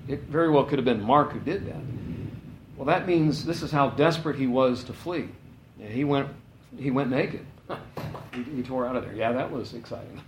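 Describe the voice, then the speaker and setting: Male preacher, casual sermon, lively asides, echoey room, faint background hum. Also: mid-range voice, normal speed. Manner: conversational, animated, asides and laughs.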